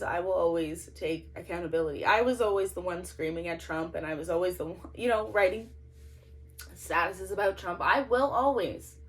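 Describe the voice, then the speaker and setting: Indignant woman ranting to camera. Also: medium pitch. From Canada. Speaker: political vlogger. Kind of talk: emotional monologue to camera. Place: small closet at home. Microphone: no microphone, camera's built-in mic.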